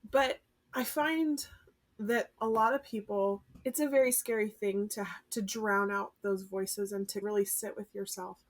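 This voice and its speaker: A woman's voice: medium pitch, steady tone, a little slow. A woman hosting a podcast, asking thoughtful questions and laughing along with her guest. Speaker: podcast host. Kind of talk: casual podcast interview.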